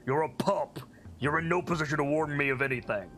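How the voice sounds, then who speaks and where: A man voicing a gruff, boisterous, drunk Goliath clansman in a tabletop game. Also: on the high side, a little fast. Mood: defiant. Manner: loud, blustering, brash.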